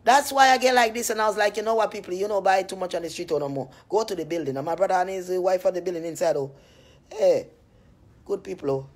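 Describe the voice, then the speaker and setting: Husky woman chatting on a phone live. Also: on the low side, quick pace. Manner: chatty, laughs often, animated storytelling. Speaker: cream seller on a live stream. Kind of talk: rambling casual live-stream chat. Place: at home, just out of bed. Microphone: phone on a live stream.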